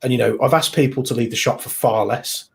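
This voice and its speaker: A man's voice: mid-range voice, fairly quick, gravelly. A man co-hosting a live stream in casual chat, blunt and matter-of-fact. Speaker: co-host.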